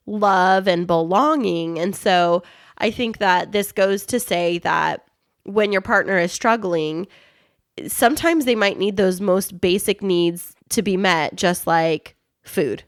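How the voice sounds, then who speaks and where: A woman's voice: medium pitch, takes it slowly, dry recording, clean studio sound. A woman co-hosting a podcast, telling stories casually and laughing often. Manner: warm storytelling, laughs often. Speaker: podcast co-host. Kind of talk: casual chat.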